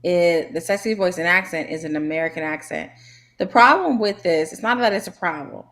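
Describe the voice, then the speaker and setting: A woman's voice: on the low side, brisk, fairly bright tone. A woman co-hosting a podcast, chatting emphatically in casual conversation. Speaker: podcast co-host. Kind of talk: casual chat.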